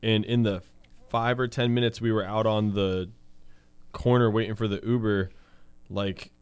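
Male podcast co-host, lower smooth voice, easygoing and crude. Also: steady tone, moderate pace. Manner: laid-back, profane, teasing. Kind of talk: casual podcast chat.

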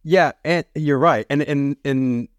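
A man's voice: mid-range voice, slow, clear, resonant tone, no room sound. A man talking as a podcast guest, laid-back and chuckling as he speaks. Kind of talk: casual conversation.

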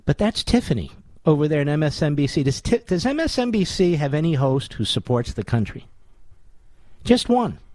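A man's voice: fairly high pitch, big pitch swings, fairly quick, mellow, no echo. A middle-aged man hosting a talk radio show, delivering a combative, sarcastic monologue full of rhetorical questions.

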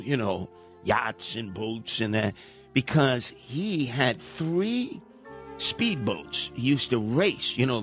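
An older man hosting a radio talk show, rambling and wisecracking as he ribs his younger co-hosts. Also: mid-range voice. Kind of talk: casual talk radio banter.

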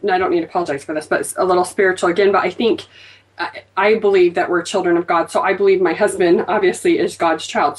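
A woman's voice: fairly low pitch, distant mic, rough recording. A woman chatting as a podcast guest, self-deprecating and often acting out her own thoughts. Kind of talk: casual podcast chat.

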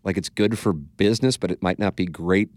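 This deep-voiced man hosts a podcast and speaks with a St. accent, talking a little fast in a darkish tone. He tells stories casually, bluntly and profanely, performing the quotes as he goes. The sound is clean studio audio with no room sound.

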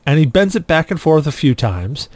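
A man hosting a casual podcast, telling a story with lively acted-out quotes. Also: a little high, brisk, dry recording. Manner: animated storyteller, acts out quotes loudly. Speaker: podcast host.

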